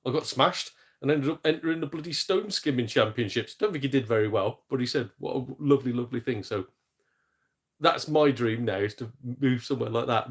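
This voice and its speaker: A young man, chatting casually on a gaming live stream, joking, laughing easily and swearing mildly. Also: medium pitch. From England, Shropshire near the Welsh border. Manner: chatty, jokey, quick laughs, mild swearing.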